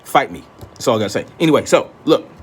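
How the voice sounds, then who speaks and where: A man's voice: mid-range voice, lively intonation, fast, husky. A man giving a blunt, profane, confrontational commentary, often repeating himself for emphasis. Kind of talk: ranting commentary.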